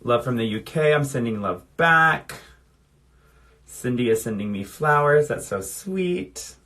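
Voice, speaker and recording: A man's voice: medium pitch, lively intonation, a little slow, sharp tone. A man in his thirties chatting casually on a phone livestream, reading out viewer comments while doing his makeup. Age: 30s. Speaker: drag performer.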